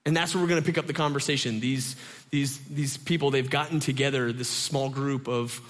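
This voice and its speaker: A man in his thirties preaching a casual sermon, telling stories in an animated way with many fillers. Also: mid-range voice, a little fast. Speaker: pastor.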